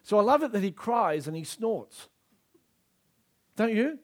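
A man preaching a sermon in a fairly high voice that rises and falls a great deal. He speaks emphatically and acts out the scripture scenes as he goes. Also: very animated, unhurried.

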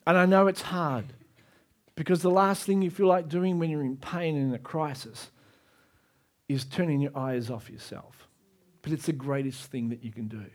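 A man preaching a sermon as pastor, moving between soft, low asides and raised, emphatic climaxes. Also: normal speed.

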